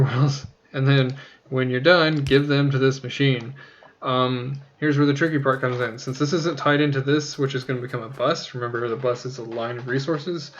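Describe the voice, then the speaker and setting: A man's voice: medium pitch, muffled recording, slight background noise. A man casually talking through a game tutorial, rambling, joking at his own expense and swearing now and then. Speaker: let's play host.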